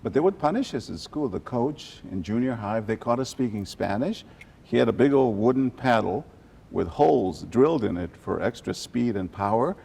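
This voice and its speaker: Gravelly older man telling stories. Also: mid-range voice, normal speed, slight background noise. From South Texas. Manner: animated storyteller, switches to Spanish phrases. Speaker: journalist guest. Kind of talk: storytelling interview.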